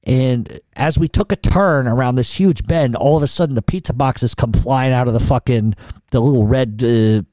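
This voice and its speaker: A man's voice: medium pitch, moderate pace, warm tone, dry recording. A middle-aged man telling a long story in casual, rambling, profane talk full of restarts. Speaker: podcast host telling a story.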